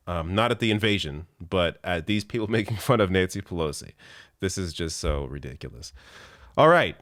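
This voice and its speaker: Low-voiced sarcastic male commentator. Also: a bit bright, no room sound, clean studio sound. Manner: exasperated, sarcastic, laughing now and then. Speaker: political commentary host. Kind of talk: opinionated political commentary.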